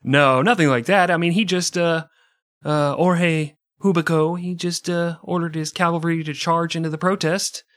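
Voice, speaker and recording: A man's voice: fairly high pitch, steady tone, moderate pace, fairly bright tone, dry recording, studio quality. Profane joking male history podcaster. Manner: profane, jokey asides. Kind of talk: irreverent comedic history narration.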